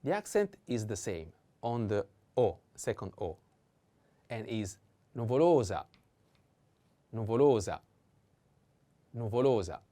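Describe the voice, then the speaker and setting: A man with an Italian accent teaching vocabulary in a slow, patient way, repeating each word three times and pausing on hesitant fillers. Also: on the low side, very animated, dark tone.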